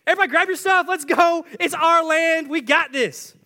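Man acting as excited young spy, loud, high, animated, eager. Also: normal speed, exaggerated voice. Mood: rallying.

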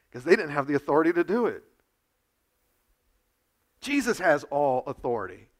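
A man preaching a sermon, animated, with quick asides to his listeners and acted quotes. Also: high voice. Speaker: pastor.

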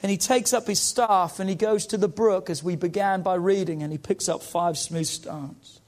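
Male pastor, high-pitched, impassioned sermon delivery with congregation call-outs. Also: normal speed, darkish tone. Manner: impassioned, rising and falling preaching with call-outs.

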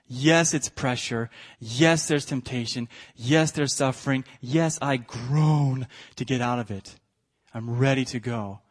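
A middle-aged male pastor preaching a sermon, swinging from quiet reflection to shouted emphasis. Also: on the high side, a little slow.

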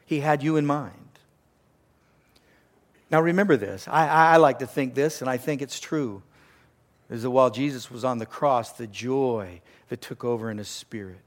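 A man's voice: medium pitch, moderate pace. A man preaching a sermon, earnest, repeating phrases for emphasis and sometimes dropping almost to a whisper. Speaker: pastor.

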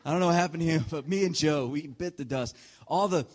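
A man in his thirties preaching a sermon, telling a personal story with frequent laughs and sudden shifts from quiet asides to loud punchlines. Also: a little high, quick pace. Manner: animated storyteller, often laughing mid-sentence; swings between hushed asides and loud punchlines. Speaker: pastor.

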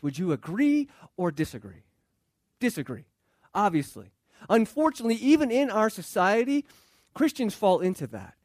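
A pastor with a high-pitched male voice delivers a sermon in an easy, conversational way. He often restarts and repeats phrases and throws questions out to the congregation. The sound is dry and close, with almost no room echo. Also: big pitch swings, normal speed.

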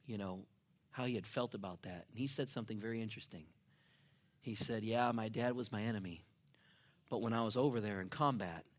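Male pastor, sermon storyteller; mid-pitched, dynamic delivery from shouts to whispers. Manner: storytelling, swinging from loud to near-whispered. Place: church.

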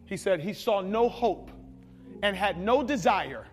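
A man preaching a sermon, telling stories with big shouts and sound effects. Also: high-pitched, unhurried, in a large hall, faint music behind. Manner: animated storytelling, shouting at peaks, sound effects. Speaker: pastor.

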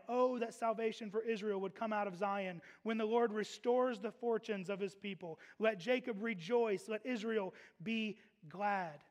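A man with a high voice preaches a sermon, moving from hushed, low passages to loud, slow emphasis. He is emphatic and slips in humorous asides. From Texas.

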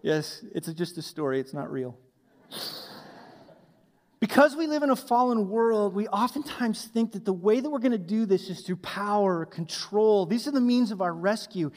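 A male pastor preaching a sermon with animated, emphatic delivery and asking the congregation to fill in blanks. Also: sits high, moderate pace. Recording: long hall reverb.

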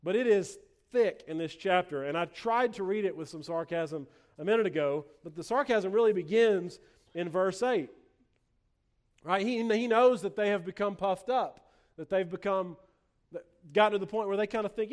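Guy with a high voice preaching, earnest, stumbles and repeats words sometimes. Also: moderate pace. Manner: earnest, repeats words when restarting, voices sarcasm in quotes. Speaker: pastor. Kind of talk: sermon.

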